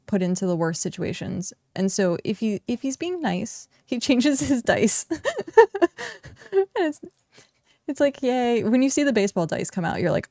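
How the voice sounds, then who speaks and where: A woman's voice: mid-range voice, dark tone, no echo. Chatty woman streamer, dry close sound. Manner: chatty and rambling, many fillers. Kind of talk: casual chat while livestreaming a game.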